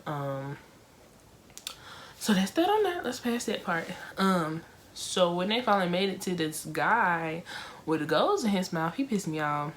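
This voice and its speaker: A young woman casually reviewing a film for her viewers, talking in an emotional, expressive way with lots of fillers. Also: lowish voice, measured pace, slight background noise.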